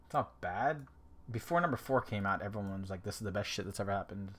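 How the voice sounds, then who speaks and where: A man's voice: fairly low pitch, lively intonation, quick pace, fairly bright tone, a little hiss or hum. A man co-hosting a casual whiskey live stream in a laid-back way, letting his phrases trail off. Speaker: co-host.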